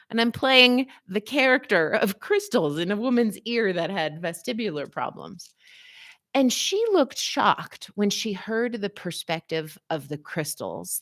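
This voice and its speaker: Slow-talking woman therapist host. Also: medium pitch. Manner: animated storyteller, frequent "like", acts out scenes. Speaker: physical therapist and psychotherapist hosting a wellness show. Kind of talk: casual live talk with storytelling.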